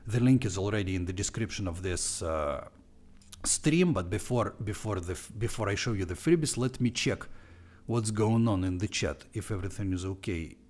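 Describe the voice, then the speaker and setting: A man with a heavy Russian accent, a Russian native speaker, walking through his course on a live stream in a playful, animated way. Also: fairly low pitch, moderate pace. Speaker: online language teacher.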